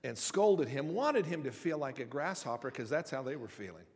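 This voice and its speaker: A pastor delivering a sermon in a conversational way, stumbling over and repeating words and retelling stories with humor. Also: male voice, medium pitch, sing-song, normal speed. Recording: long hall reverb.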